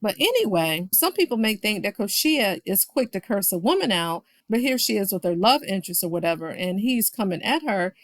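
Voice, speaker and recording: A woman's voice: medium pitch, very animated, fairly quick, hardly any pauses, no echo. Chatty woman recapping a reality show. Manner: chatty, quotes people with playful voice swings; talks straight to viewers. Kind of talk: casual recap commentary.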